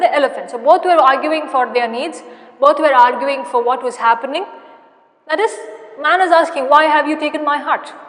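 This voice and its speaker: A woman with an Indian English accent teaching an English lesson, explaining patiently and repeating key points with many pauses. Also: high voice, a bit bright, big-room sound. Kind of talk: recorded classroom lesson.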